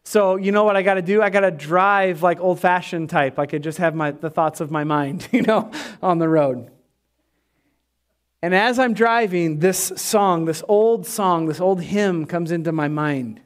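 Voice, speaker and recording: High-voiced passionate preaching man. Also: measured pace. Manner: passionate, emphatic preaching that swells and drops. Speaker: pastor. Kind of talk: sermon.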